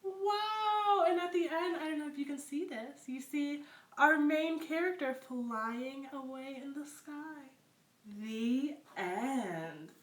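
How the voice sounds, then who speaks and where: Woman, children's read-aloud, expressive, encouraging, unhurried, roomy echo, off-mic. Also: high-pitched, far from the mic. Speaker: story time reader.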